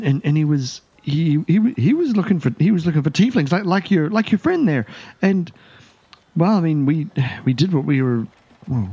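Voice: medium pitch, dark tone, husky, lo-fi sound, pitched above the performer's own voice. A game master voicing a nervous, stammering male elf thug who failed as an actor. He repeats words in panic.

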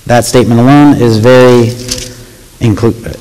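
In a hall with long reverb, a youth pastor delivers a casual, conversational sermon to young listeners, reading scripture aloud and frequently checking in with "right?" His medium-pitched voice has lively intonation and a measured pace broken by frequent pauses.

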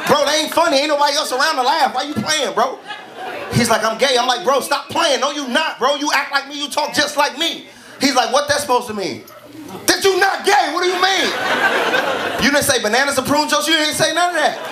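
High, animated man doing stand-up. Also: quick pace. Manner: animated, acts out both sides with slangy banter. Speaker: stand-up comedian. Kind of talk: stand-up storytelling. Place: live comedy club stage. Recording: live club recording, loud crowd. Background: loud audience laughter and crowd noise.

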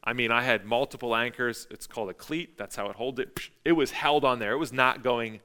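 Male pastor, middle-aged, bright crisp voice, chatty emphatic sermon delivery. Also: mid-range voice, brisk. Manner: conversational, emphatic, repeats phrases.

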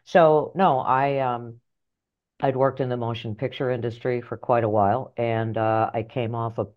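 A middle-aged woman author and life coach telling her story in an interview, animated and blunt, acting out voices in her head. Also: extremely low pitch, moderate pace, highs cut off. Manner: animated, acts out inner voices, earthy phrasing.

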